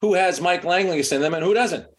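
A man's voice: high-pitched, fairly quick. Rambling middle-aged man telling stories. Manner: rambling, heavy on "like" and "you know", lively when quoting. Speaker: sports media executive, guest. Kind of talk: casual interview storytelling.

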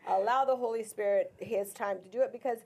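A woman's voice: medium pitch, fairly quick, darkish tone. A woman hosting a faith-based discussion about marriage, chatty and playful, often restarting her sentences. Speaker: host leading the discussion.

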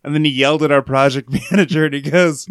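A man's voice: on the high side, fast talker, smooth, no echo, clean studio sound. A man co-hosting a podcast, chatting casually and telling jokey stories about work and cartoons. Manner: joking, animated storyteller. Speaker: podcast co-host. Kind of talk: casual chat.

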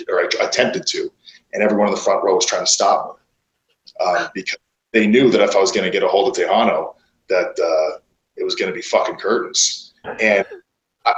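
Low-voiced profane wrestler in echoey room. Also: male voice. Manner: profane, rambling with many fillers. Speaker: pro wrestler guest. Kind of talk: casual interview storytelling. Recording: roomy echo.

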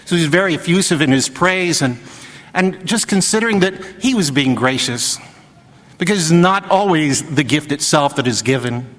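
A man's voice: on the high side, animated, normal speed, a bit bright. A man, a parish priest, giving a Sunday homily built around anecdotes and a joke. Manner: storytelling homily with acted quotes. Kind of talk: sermon. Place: church. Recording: long church reverb.

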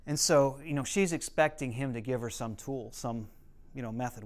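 Counselor guy teaching, earnest, explains stuff w stories, clear smooth voice. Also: medium pitch, moderate pace. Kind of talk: conversational teaching talk.

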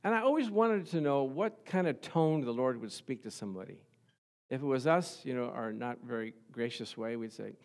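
A middle-aged male pastor preaching a sermon to his congregation, chuckling at times and building to loud, fervent passages of scripture. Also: mid-range voice, expressive, moderate pace. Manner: chuckles often, talks to the congregation.

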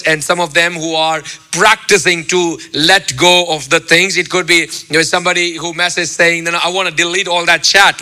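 A man's voice: a little high, bright, forceful tone. A man in his thirties preaching a sermon, chatty and joking with the congregation, with lots of fillers and restarts. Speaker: pastor.

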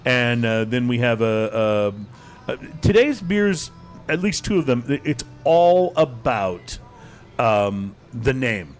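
A man hosting a casual chat show, talking in a relaxed, halting way with many fillers and restarts. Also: medium pitch, soft background music. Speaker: podcast host.

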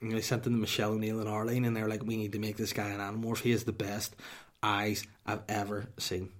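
A man's voice: fairly low pitch, completely flat delivery, quick pace. Sweary Northern Irish man telling stories. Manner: sweary, mock-dramatic, drops to a hushed whisper for punchlines. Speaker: podcast host. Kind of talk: comic storytelling monologue.

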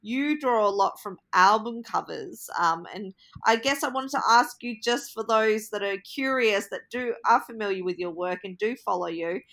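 A woman's voice: medium pitch, normal speed, hardly any pauses, fairly bright tone. A woman hosting an interview, friendly and laughing often, with hesitant fillers. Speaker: interviewer host. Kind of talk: interview conversation.

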